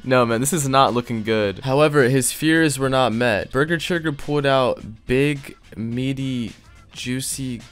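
A man's voice: medium pitch, a little slow, clean tone, soft background music. A man reading fan fiction aloud on his channel, breaking off into sarcastic, profane, mock-outraged comments. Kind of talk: comedic reaction reading.

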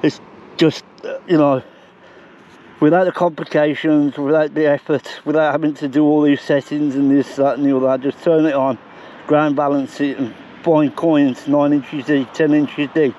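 A man's voice: fairly high pitch, normal speed, lo-fi sound, a little hiss or hum. Breathless, chatty man detecting outdoors. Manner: excitable, chatty, addresses viewers as guys. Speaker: metal detecting vlogger. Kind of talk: casual outdoor vlog commentary. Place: outdoors in a field.

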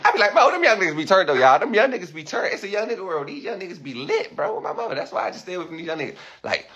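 A man's voice: high-pitched, wildly swooping pitch, racing, bright, forceful tone, highs cut off, a little hiss or hum. A man with a Washington DC accent, ranting boastfully on a livestream into a handheld phone camera, swearing and laughing often. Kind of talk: rambling livestream rant.

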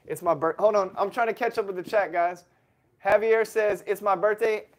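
A man's voice: high-pitched, normal speed. A man, hosting a casual family livestream, chatty and reading out viewer messages. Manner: chatty, reads chat aloud, gives shout-outs.

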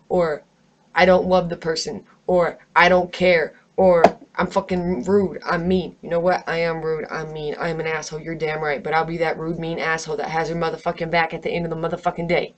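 A woman's voice: sits low, flat delivery, normal speed, dull audio. A stressed, angry woman vlogger in an unscripted, profanity-heavy rant delivered straight to camera. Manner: profane, emphatic, heated.

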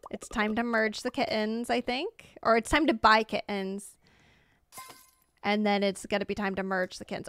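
A young American woman chatting excitedly while livestreaming a game, reading out chat and reacting with bubbly exclamations. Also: medium pitch, a little slow. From United States. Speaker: streamer. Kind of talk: live game commentary.

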